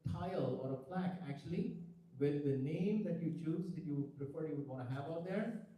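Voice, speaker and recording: A man addressing devotees at a temple ceremony, speaking with enthusiasm and rising to loud exclamations. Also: on the high side. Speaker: ceremony announcer. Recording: very echoey, from far off the mic.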